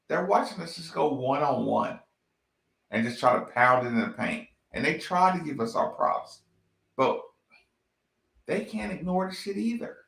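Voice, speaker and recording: A man's voice: a little high, sharp tone. A man giving blunt, profane fan commentary on a basketball team, ranting in slang. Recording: echoey room.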